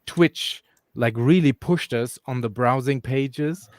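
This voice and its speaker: A man's voice: medium pitch, slow, darkish tone, dry recording. A man talking casually on a live stream, rambling through his thoughts with plenty of "um" and "like". His voice sits in a middle register and sounds dry and close to the mic, with no room around it. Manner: rambling, frequent fillers and restarts. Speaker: crypto stream co-host. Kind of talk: casual chat.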